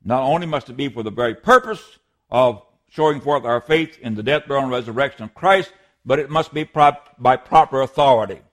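A man's voice: mid-range voice, a little fast, a bit bright. A man preaching a sermon as a pastor, earnest and emphatic, sometimes restarting a word.

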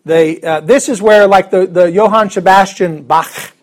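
A man's voice: high voice, a little slow. A man teaching a Bible class in a casual, joking way, chuckling often and restarting his sentences.

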